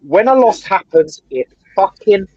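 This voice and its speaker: Man co-host, high voice, heated swearing rant, dull dry lo-fi audio. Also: big pitch swings, unhurried, darkish tone, breathy edge, dry recording. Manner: ranting, swears a lot, keeps asking "right?". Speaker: co-host of a fan livestream. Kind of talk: casual heated chat.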